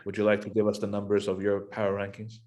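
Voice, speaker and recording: A man's voice: fairly low pitch, completely flat delivery, fast, darkish tone. A man hosting a casual fantasy football podcast, asking his cohosts questions in a playful, joking way. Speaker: podcast host.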